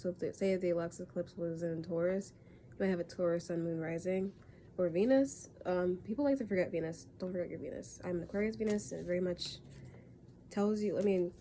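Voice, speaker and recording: A woman's voice: mid-range voice, mellow, a little hiss or hum. Stuffy-nosed young woman, rambling tarot vlog. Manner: rambling, loose and self-correcting. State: stuffy nose from a cold. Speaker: tarot reader. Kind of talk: casual tarot reading vlog. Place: in bed at home.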